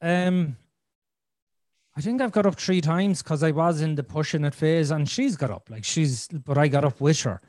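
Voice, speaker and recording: A man's voice: fairly high pitch, normal speed, darkish tone, no room sound. A man in his thirties hosting a podcast, telling a frank, rambling personal story and swearing freely. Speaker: podcast host. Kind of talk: candid conversational storytelling.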